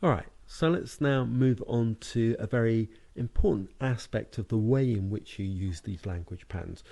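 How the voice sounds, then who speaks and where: A British man narrating a lesson on hypnotic language patterns, speaking slowly and deliberately with hypnotic phrasing and words marked out by tone. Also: fairly low pitch, creaky, warm tone. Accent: British English. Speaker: hypnotherapy and NLP trainer. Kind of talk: recorded lesson narration over slides.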